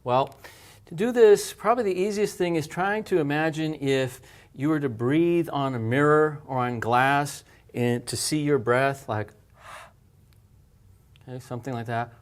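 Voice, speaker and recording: A man with a slightly high voice and a moderate pace teaches letter shapes as a language teacher. Patient and methodical, he explains handwriting and pronunciation and demonstrates how each sound is made.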